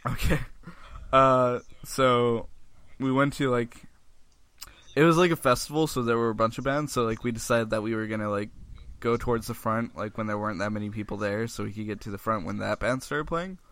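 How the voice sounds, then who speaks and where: A man's voice: mid-range voice, brisk, a bit bright, smooth. A young man hosting a casual podcast, telling a rambling story full of swearing and laughter. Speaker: podcast host.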